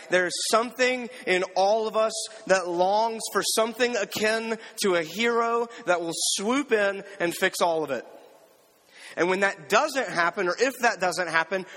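A man preaching a sermon and reading scripture aloud. He talks conversationally, often asks "right?" and slows down on key words. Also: a little high, fairly bright tone. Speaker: pastor. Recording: long hall reverb.

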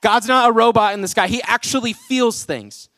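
A man's voice: very high-pitched, moderate pace, a bit bright, dry recording, clean studio sound. A young adult man preaching a casual, joking sermon to his church, full of "like" fillers. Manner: chatty, jokey, full of "like" fillers. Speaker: pastor and worship leader. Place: church auditorium with a congregation.

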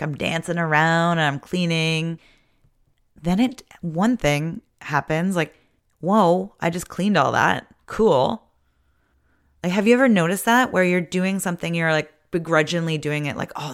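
Chatty upbeat woman with a low voice. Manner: chatty and upbeat, lots of "like" and "you know". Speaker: vlogger. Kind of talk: casual talk to camera.

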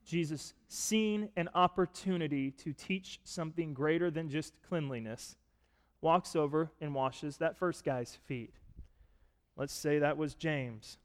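A man preaching a sermon, retelling a story and asking listeners to picture it, rising to loud, emphatic points. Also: a little high, measured pace. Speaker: pastor. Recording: long reverb of a large hall.

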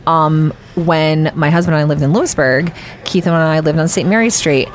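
A woman co-hosting a casual podcast chat, telling stories with lively acted-out quotes. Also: moderate pace, a little hiss or hum. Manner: animated storyteller, acts out quotes with big pitch jumps. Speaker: podcast co-host. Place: restaurant table.

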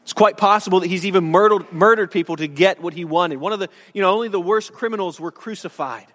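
A man with a high-set voice preaches to his church, earnest and conversational, often restarting his phrases. The sound carries a long reverb from the sanctuary around him. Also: fast talker, a bit bright. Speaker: pastor. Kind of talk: sermon.

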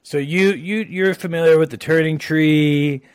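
A man's voice: on the high side, steady tone, measured pace, smooth, no echo. A man hosting a podcast who chats casually, rambling with plenty of fillers. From Oregon, USA. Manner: chatty, rambling with many fillers. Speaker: podcast host. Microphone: own mic on a remote call.

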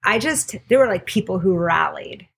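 A woman's voice: mid-range voice, animated, moderate pace, gravelly, a little hiss or hum. A woman midwife and podcast co-host candidly telling a personal story in casual conversation. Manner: candid, storytelling with quoted voices.

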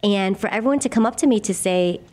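A middle-aged woman guest, a laughter yoga leader, speaking in an earnest, gentle, reflective way in a conversational interview. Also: mid-range voice, fast talker. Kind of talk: conversational interview, guided exercise.

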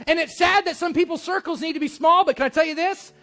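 A man preaches to his congregation, telling a story in a plain, earnest way. His voice sits high for a man. Soft instrumental music plays faintly underneath. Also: quick pace. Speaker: pastor. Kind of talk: sermon.

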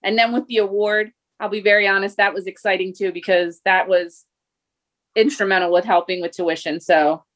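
A woman in her forties, a mother and podcast co-host, telling a story in casual chat with excitement. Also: medium pitch, moderate pace.

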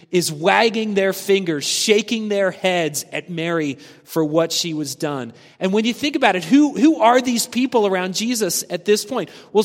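Man preaching slow and earnest, kinda high voice, long hall echo behind him. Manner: earnest, slow and deliberate, falling soft at phrase ends. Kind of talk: sermon. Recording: long reverb of a large hall.

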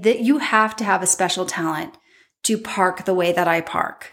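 A woman, hosting a podcast and telling personal stories in a lively way, often laughing and acting out what people said. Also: mid-range voice. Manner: animated, laughs often, acts out quotes. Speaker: podcast host. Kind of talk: personal storytelling.

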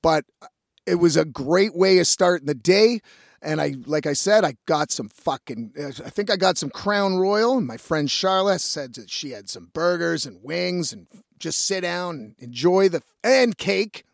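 A man's voice: a little high, expressive, measured pace, gravelly, no echo, clean studio sound. A male musician telling a rambling story in a casual monologue, swearing often and laughing as he goes.

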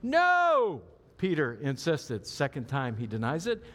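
A man's voice: medium pitch, lively intonation, measured pace. A man preaching a sermon as pastor, conversational and often asking the audience questions. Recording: long hall reverb.

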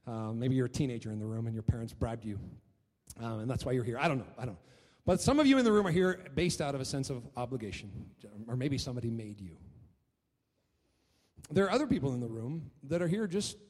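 Animated pastor preaching with long reverb. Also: male voice, mid-range voice, fast. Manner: animated storytelling, repeats words. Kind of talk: sermon. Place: church hall. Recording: long reverb of a church hall.

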